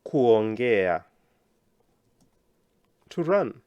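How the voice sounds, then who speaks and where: Male teacher, encouraging, slow careful enunciation, repeat-after-me drills, medium pitch, dry recording. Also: big pitch swings, dry recording, highs cut off. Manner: slow, clear enunciation of words for learners to repeat; encouraging, praises learners often. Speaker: Swahili language teacher.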